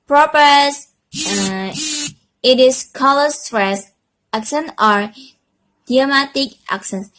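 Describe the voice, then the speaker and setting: A young Indonesian student gives a class presentation in a fairly high voice with a fairly bright tone. She reads slowly and haltingly, stopping on fillers and correcting herself along the way.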